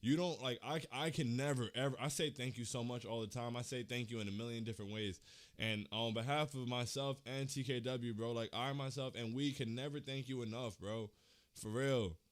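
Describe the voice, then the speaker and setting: A man's voice: mid-range voice, fairly even intonation, a little fast. A young man hosting a fan livestream, talking casually in slang and holding back tears, repeating himself as he thanks his viewers. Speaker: fan channel host.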